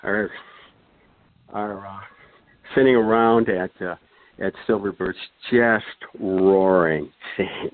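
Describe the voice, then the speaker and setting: A man's voice: fairly low pitch, expressive, slow pace, pauses often, no echo. A man, a podcast guest, telling a long anecdote in a casual, rambling way, chuckling and throwing in asides. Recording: thin phone-like sound, dry.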